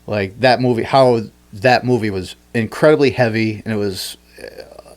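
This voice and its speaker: A man hosting a podcast, telling a story in a rambling, animated way, with many restarts and fillers. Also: on the low side, normal speed. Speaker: podcast host. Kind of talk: casual chat.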